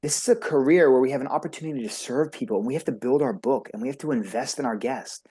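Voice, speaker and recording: A talkative man speaks as a guest coach, his delivery quick and emphatic. His voice has a warm, mellow tone. He rushes from point to point with motivational energy. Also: medium pitch, husky. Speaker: beauty industry coach, podcast guest.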